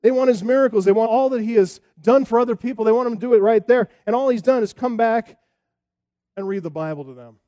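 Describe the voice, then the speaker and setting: Mellow high-voiced male preacher. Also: fast talker. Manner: expressive preaching with rhetorical questions. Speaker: pastor. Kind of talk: sermon.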